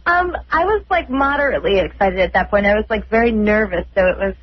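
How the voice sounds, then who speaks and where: A woman's voice: medium pitch, animated, fast, slightly rough. A woman guest on a radio show, answering questions briefly and matter-of-factly. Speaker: in-studio guest. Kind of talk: casual chat on radio. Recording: dull lo-fi radio broadcast.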